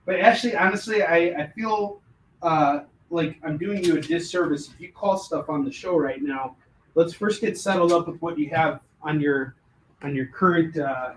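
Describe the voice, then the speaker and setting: A man hosts a casual live sales stream in a somewhat high voice. He keeps it loose and joking, swears freely and often restarts his sentences as he calls out prices. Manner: loose, joking, swears, stumbles over words. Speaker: host selling comics live.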